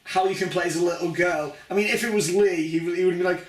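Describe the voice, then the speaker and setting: A high-pitched man chats excitedly about a video game, jumping into characters' lines as he goes. He sounds distant from the microphone in an echoey room. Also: fast talker. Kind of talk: casual chat. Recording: roomy, distant from the mic.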